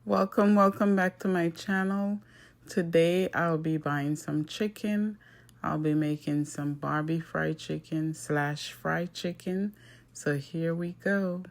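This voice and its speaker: A woman's voice: sits low, fairly even intonation, takes it slowly, creaky. A woman hosting her own cooking channel, talking through each step in a chatty voice-over. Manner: chatty, step-by-step, starts lines with "so now". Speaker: home cook and channel host. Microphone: voice-over recorded apart from the video.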